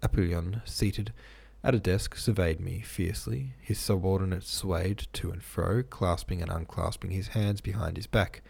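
A man reads a book aloud with deliberate pacing, stopping now and then to laugh at a misread line. His voice is low and gravelly, with a husky edge. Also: a little mellow. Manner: deliberate storytelling, laughing at his own slips. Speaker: reader.

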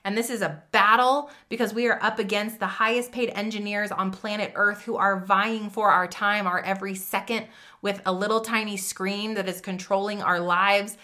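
A woman's voice: medium pitch, pushed and bright. A woman hosting a podcast, giving an emphatic, chatty motivational monologue that speaks straight to the listener. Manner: emphatic, direct, addresses listener as friend; chatty with fillers and restarts. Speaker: podcast host.

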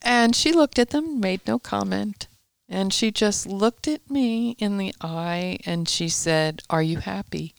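A woman guest in a studio telling her personal faith story in a lively way, acting out past conversations as she goes. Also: mid-range voice, takes it slowly, gravelly, clear, resonant tone, dry recording.

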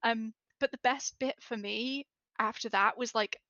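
A woman's voice: a little high, fairly even intonation, a little slow, pushed and bright, dry recording. A woman, a podcast guest telling a story in casual chat and acting out the voices she quotes. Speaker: podcast guest, larp player. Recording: dull, dry podcast audio.

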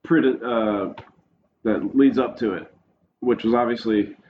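A man speaks in a relaxed, measured way in casual conversation, weighing his words. His voice sits at an ordinary pitch. The audio is slightly dull, with light hiss. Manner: laid-back listener, short agreeing replies. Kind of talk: casual chat.

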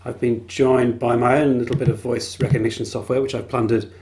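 A man hosts a podcast on his own in a casual monologue. His humour is wry and dry, and his pitch sits in the middle range. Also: flat delivery, fairly quick, a little mellow, slight background noise. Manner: wry, dryly humorous. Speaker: podcast host.

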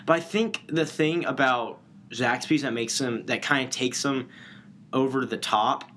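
A man's voice: mid-range voice, unhurried, a bit bright, slight background noise. A man co-hosting a podcast in casual chat, easygoing and agreeable, talking loosely. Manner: easygoing, agreeable, lots of fillers like "like" and "you know". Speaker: podcast co-host.

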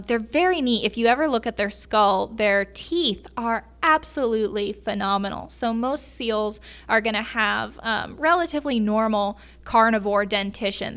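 On a podcast, a woman guest tells enthusiastic animal stories in a casual, chatty way, laughing as she talks. Her voice is medium in pitch and a bit bright.

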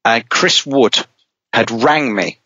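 A middle-aged man, a rally driver, telling a long anecdote in casual talk, lively and rambling, with many restarts. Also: mid-range voice, takes it slowly, slightly rough, no room sound. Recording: dull, dry podcast audio.

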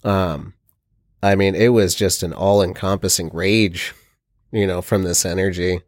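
A man's voice: low voice, fairly even intonation, a little slow, dry recording, studio quality. A man in casual chat, telling an earnest, rambling account.

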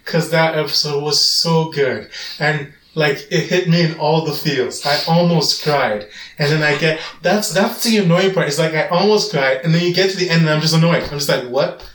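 Animated man, echoey room. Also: fairly high pitch. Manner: animated, quick rambling opinions. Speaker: podcast co-host. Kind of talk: casual chat. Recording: roomy sound, mic at a distance.

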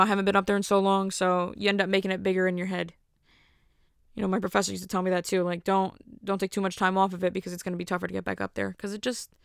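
A woman's voice: mid-range voice, a bit bright, clear, resonant tone, dry recording, clean studio sound. A woman hosting her own podcast, rambling in a casual, chatty, self-mocking solo monologue. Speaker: podcast host.

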